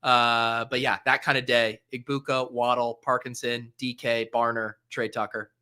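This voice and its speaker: A man hosting a casual solo recap, chatty and upbeat, with frequent "uh" fillers and quick self-corrections. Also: medium pitch, little pitch movement, sharp tone, clear, resonant tone. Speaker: fantasy sports host.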